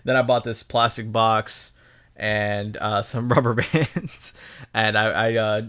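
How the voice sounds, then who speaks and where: A man's voice: lowish voice, fairly even intonation, takes it slowly, a bit bright, smooth. Rambling, profane young man from Texas. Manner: rambling and profane, full of ums and restarts. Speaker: gaming YouTuber. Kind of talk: casual commentary over gameplay.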